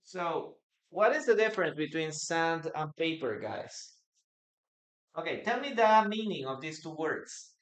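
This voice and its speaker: An English teacher who speaks Spanish natively, giving a live online lesson, explaining slowly with frequent hesitations and repeated phrases. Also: medium pitch, animated.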